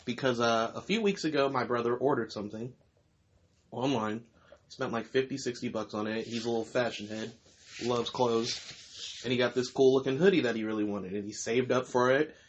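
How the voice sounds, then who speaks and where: Young male podcast host, loose casual storyteller, average pitch, dull lo-fi recording. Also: a bit bright. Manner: loose, rambling storytelling with fillers and laughs. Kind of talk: casual chat.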